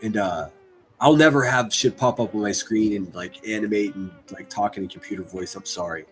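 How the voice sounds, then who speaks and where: A man's voice: fairly low pitch, brisk, fairly bright tone, soft background music. A man hosting a stream, ranting crudely and mocking people in exasperated bursts. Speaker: streamer host.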